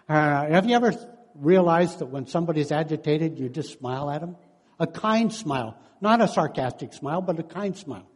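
A man's voice: on the high side, moderate pace. A man in his sixties giving a sermon, telling stories and acting out what people said, with frequent chuckles. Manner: storytelling, acts out quotes, chuckles often. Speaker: preacher and counselor. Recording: long hall reverb.

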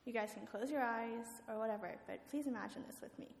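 Casual gravelly woman in an echoey hall. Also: on the high side, quick pace. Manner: casual, with filler words. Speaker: guest speaker. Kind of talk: storytelling sermon. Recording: echoey hall with faint ambience.

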